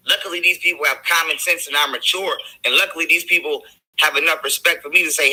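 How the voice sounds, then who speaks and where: Husky, bright-toned man arguing his side. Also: a little high, fairly even intonation, fast talker, low-quality recording. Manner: defensive, argumentative, recounting texts. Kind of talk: heated self-defense.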